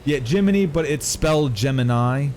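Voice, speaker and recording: A man's voice: medium pitch, animated, brisk, darkish tone, a little hiss or hum. A man streaming a video game, chatting casually with his viewers and swearing now and then. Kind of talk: casual gameplay commentary.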